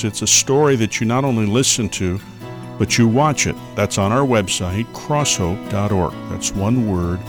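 A man with a fairly low voice delivering a radio sermon. He preaches earnestly, drops to hushed tones for quoted words, then swells into emphatic declarations. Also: low-quality recording. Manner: earnest preacher, rises to emphatic near-shouting. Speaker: pastor.

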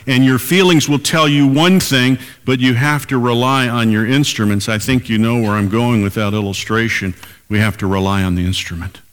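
A man's voice: medium pitch, fairly even intonation, moderate pace, clean tone, big-room sound. An older man preaching a sermon as pastor, emphatic and repeating key lines for weight.

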